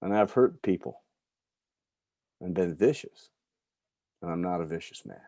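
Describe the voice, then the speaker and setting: A middle-aged man from New York giving a candid personal recovery talk, telling stories with soft asides. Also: low voice, animated, a little slow, gravelly, dry recording. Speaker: recovery speaker.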